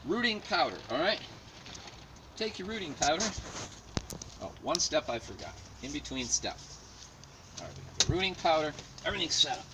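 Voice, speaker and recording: Man, mid pitch, talking off-mic outdoors, jokey home-garden demo with self-mocking asides, noisy backdrop. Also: sing-song, moderate pace, long pauses, far from the mic. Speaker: home gardener demonstrating plant cloning. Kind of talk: casual how-to demonstration.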